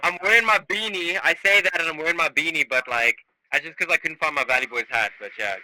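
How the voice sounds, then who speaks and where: A man's voice: fairly high pitch, quick pace, sharp tone, slight background noise, low-quality recording. A man with a South African accent chatting casually and loosely, hyping up his bandmates. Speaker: band member guest. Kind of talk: casual chat.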